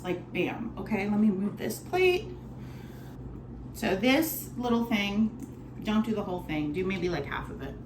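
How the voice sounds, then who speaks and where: A woman who bartends at a lounge gives a bubbly, chatty cocktail tutorial from the kitchen or bar area of her apartment, swearing offhandedly. Her voice is medium-pitched, with background noise, a roomy echo, and music playing behind her.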